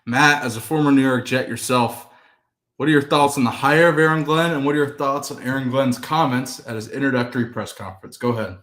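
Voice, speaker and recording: A man co-hosting sports talk, setting up topics and agreeing along in a relaxed, easygoing way. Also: medium pitch. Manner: easygoing, agreeable, quick to laugh.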